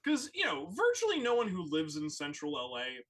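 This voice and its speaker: Animated storyteller for a casual chat show, lively pitch, bright tone. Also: moderate pace, low-quality recording. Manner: animated storyteller with lots of "like" fillers.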